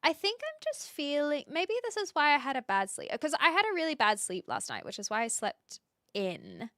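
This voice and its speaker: Chatty, bright-voiced woman streamer. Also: sits high, wildly swooping pitch, moderate pace, no echo. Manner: chatty, laughing, fillers, reads chat aloud. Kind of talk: casual live-stream chat.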